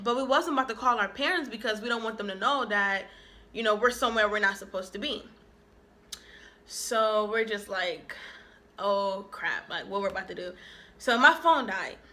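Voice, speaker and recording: Bright-voiced young woman telling a story. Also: fairly high pitch. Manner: animated, acts out quoted dialogue. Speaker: vlogger. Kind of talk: casual storytime vlog.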